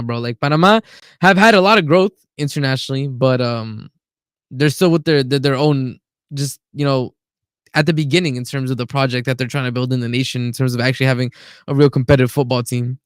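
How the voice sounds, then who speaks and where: A man's voice: medium pitch, clean tone, no echo, clean studio sound. A man co-hosting a casual football chat on a video call, blunt and opinionated. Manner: blunt, opinionated, says "bro" a lot. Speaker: podcast co-host.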